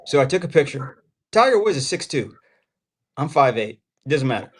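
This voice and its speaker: Male host, casual storyteller on a live call-in panel, mid-pitched voice. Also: sing-song, moderate pace, slightly rough. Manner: storytelling, laughs easily. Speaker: show host. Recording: call-in stream audio.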